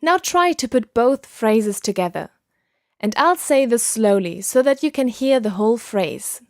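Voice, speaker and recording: A woman teaching a scripted podcast language lesson, speaking patiently and enunciating clearly. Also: on the high side, lively intonation, a little slow, no room sound, clean studio sound.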